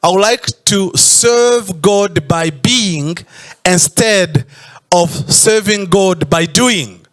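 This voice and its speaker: A man's voice: high voice, very slow, fairly bright tone, soft background music. A man preaching a sermon in church, stretching out emphatic phrases and sometimes breaking into a sung tone. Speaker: pastor.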